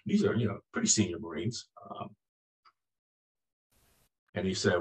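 Man in his 60s, lowish pitch, former Marine guest who narrates vividly and acts out voices. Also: a little slow, pauses often, low-quality recording. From United States. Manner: animated storyteller, acts out voices in anecdotes. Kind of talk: conversational storytelling.

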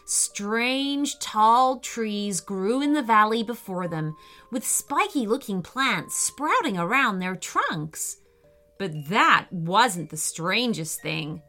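A woman reading a children's story aloud in a gentle, expressive way. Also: medium pitch, takes it slowly, faint music behind.

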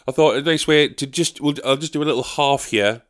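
A man's voice: a little high, brisk, a bit bright. A young man hosting a podcast, rambling and swearing in casual chat. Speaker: podcast host.

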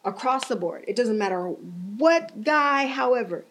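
A woman's voice: fairly high pitch, unhurried. Chatty young woman, rambling and laughing. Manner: animated, rambling, laughs often, swears. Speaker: podcast host. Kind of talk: casual chat.

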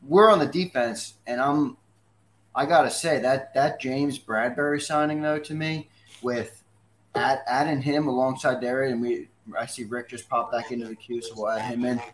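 A man's voice: mid-range voice, fairly even intonation, normal speed, slight background noise. A man co-hosting a sports talk show, speaking conversationally and putting long questions to his guests. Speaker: fill-in sports radio co-host.

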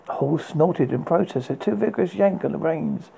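Gravelly man reading a fairy tale. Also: fairly high pitch, normal speed, mellow, a little hiss or hum, low-quality recording. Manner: unpolished reading with frequent stumbles and restarts. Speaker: narrator. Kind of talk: storybook reading.

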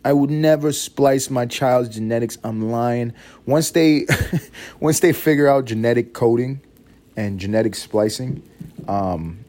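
Rambling profane podcast man. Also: dark tone. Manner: profane, rambling, breaks into high-pitched mock voices. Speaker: podcast host. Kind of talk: solo comedic podcast monologue.

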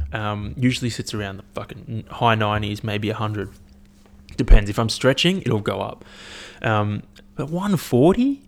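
A young man rants casually to his listeners, swearing freely and jumping between stories. His pitch sits in an ordinary middle range, and he rambles with animated bursts. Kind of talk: casual solo rant.

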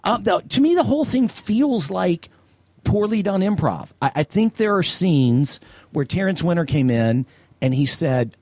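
Man from the South, blunt opinionated podcast co-host, husky, dry sound. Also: medium pitch, big pitch swings, normal speed, a little mellow, no room sound. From American South. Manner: opinionated, blunt, frequent ums and restarts. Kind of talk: casual movie-review chat.

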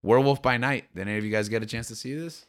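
A man chatting casually as a podcast co-host, easygoing and quick to chuckle. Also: mid-range voice. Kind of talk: casual chat.

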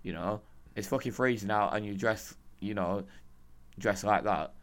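Hoarse man, rambling and profane. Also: on the low side, moderate pace, fairly bright tone. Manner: rambling, profane, laughing often. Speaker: podcast co-host. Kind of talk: casual chat.

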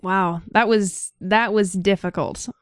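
A woman's voice: mid-range voice, fairly even intonation, slow, no room sound, studio quality. A woman co-hosting a podcast, chiming in with short agreeing remarks. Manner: brief agreeing interjections. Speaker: podcast co-host. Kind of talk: casual podcast chat.

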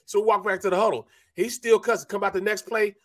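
A man's voice: sits high, fast, dry recording. A middle-aged man, a former football lineman, telling stories in casual sports-radio chat and acting out what others said. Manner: animated storyteller, acts out quotes. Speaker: co-host, former NFL lineman.

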